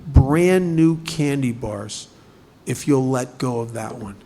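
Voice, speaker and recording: A man voicing a calm male paramedic who talks softly and coaxingly to a frightened child. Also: medium pitch, slow, pitched below the performer's own voice. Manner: soft, coaxing.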